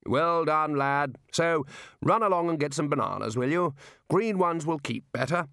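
Brief: man doing a bossy, hearty elderly wizard boss, booming and brisk. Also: vocal fry, fairly bright tone, no room sound, studio quality. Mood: cheerful. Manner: booming, brisk and cheerfully dismissive. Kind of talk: audiobook character voice.

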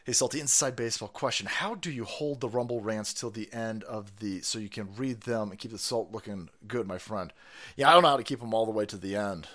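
A man hosting a livestream, ranting sarcastically with profanity and shouted outbursts. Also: on the low side, brisk. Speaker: livestream host. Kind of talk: ranting political commentary.

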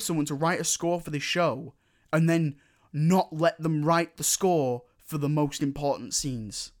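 Man, slightly high voice, opinionated, animated ranting, casual chat. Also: moderate pace.

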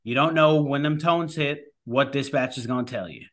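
A man's voice: mid-range voice, moderate pace, fairly bright tone. A man, a firefighter guest, talking casually in a rambling way with many restarts. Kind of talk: casual conversation.

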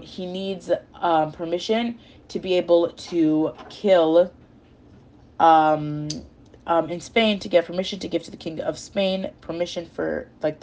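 A woman's voice: low voice, darkish tone. A young woman casually retelling chapters of a novel, rambling with slang and plenty of fillers.

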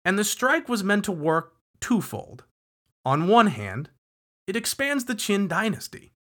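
A man narrating history for a podcast in a relaxed, talky manner. He leans on key words for emphasis and keeps turning to the listener with quick asides. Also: high voice. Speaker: podcast host.

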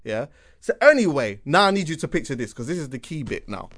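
A man's voice: on the high side, very animated, quick pace, a bit bright. Guy on a podcast spinning a long story, keeps going "yeah?", repeats stuff for effect. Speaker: podcast co-host. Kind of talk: casual storytelling chat.

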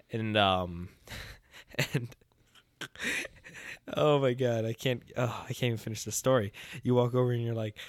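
A young man co-hosting a podcast, telling stories in a lively, laughing way and swearing casually. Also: mid-range voice, moderate pace, dry recording, clean studio sound. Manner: animated storyteller, laughs often, swears. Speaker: podcast co-host. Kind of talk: casual chat. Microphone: podcast mic.

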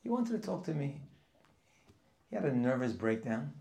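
A man preaching a sermon as a rabbi, telling stories and swinging from hushed asides to loud, emphatic lines. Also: medium pitch, big pitch swings, moderate pace, gravelly. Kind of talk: sermon with storytelling.

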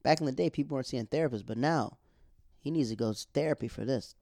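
A man gives a casual, animated recap of a TV episode, chatty and colloquial, often laughing. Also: medium pitch, fast, gravelly, no echo, clean studio sound. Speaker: TV show recap vlogger.

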